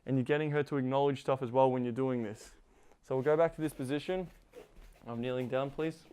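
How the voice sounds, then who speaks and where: A man's voice: medium pitch, fairly even intonation, a little fast, warm tone, clean tone. A man giving casual spoken instruction as a coach, rambling with lots of "like" fillers. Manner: rambling, heavy use of "like" fillers. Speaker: intimacy coach.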